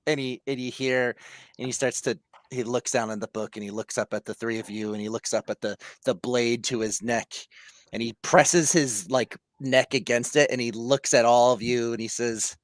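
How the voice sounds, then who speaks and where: A man's voice: mid-range voice, fairly even intonation, normal speed, dry recording. Young guy gm narrating a goofy tabletop game, lots of ums, laughs a lot. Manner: rambling with fillers and frequent laughs. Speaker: game master.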